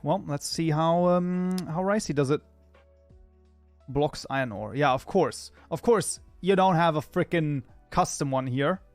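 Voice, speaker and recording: A man with a slightly high voice chats with his stream audience, reads messages aloud and mutters through his code. The sound is close and dry, with faint music behind him. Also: measured pace, dry recording. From Germany. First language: German. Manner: chatty, reads chat aloud and mutters while debugging. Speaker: livestreamer and programming tutor. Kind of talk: casual live-stream chat while coding.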